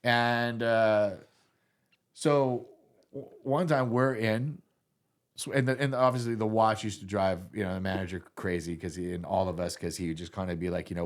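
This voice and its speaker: A middle-aged man telling road stories in a casual interview, rambling and animated, with lots of filler and swearing. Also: lowish voice, normal speed. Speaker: guitar tech, guest telling stories.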